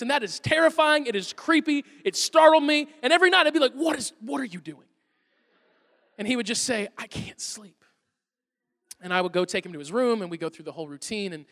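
High, bright-voiced pastor joking in a hall. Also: male voice. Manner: humorous storytelling, self-deprecating asides. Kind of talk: Easter sermon. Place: church auditorium. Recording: long reverb of a large hall.

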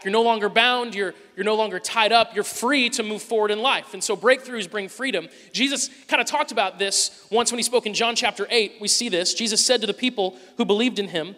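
A man's voice: high-pitched, sharp tone. A man in his thirties, a pastor giving a conversational sermon to his congregation with humorous stories, with a chuckling storytelling manner. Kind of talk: casual sermon with personal stories. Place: large church hall before a congregation. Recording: long echo of a church hall.

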